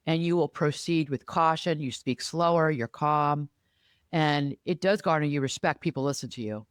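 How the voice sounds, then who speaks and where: A woman who is a therapist and life coach, hosting a podcast in a casual, emphatic and animated way, talking in quick bursts. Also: deep voice, dry recording, studio quality.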